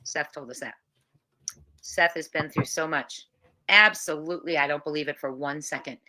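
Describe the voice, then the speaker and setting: A woman co-hosts a casual livestream in a very low, forceful voice. She talks animatedly, fires quick questions and reacts to the chat.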